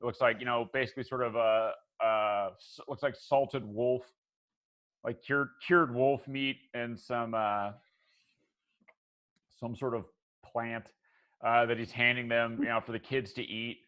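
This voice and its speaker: A man narrating as game master of a tabletop game, rambling with many fillers and dropping quiet for eerie details. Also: medium pitch, steady tone, measured pace, highs cut off.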